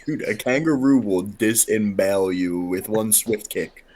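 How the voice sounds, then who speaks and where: A man's voice: fairly low pitch, a little slow, darkish tone. Blunt, wisecracking male co-host. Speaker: podcast co-host. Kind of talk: casual sports-talk chat.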